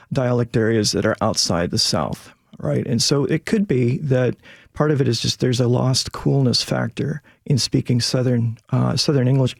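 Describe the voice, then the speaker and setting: A man's voice: medium pitch, gravelly, slightly rough, no echo, clean studio sound. A male linguistics professor explaining things in a radio interview, with many fillers.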